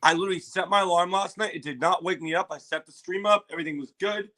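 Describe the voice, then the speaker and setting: A man hosting a casual livestream, chatting to viewers, repeating himself and bursting into loud exclamations and swearing. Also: sits high, fast talker. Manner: excitable, exclaims and swears loudly. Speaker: livestream host reacting to a trailer.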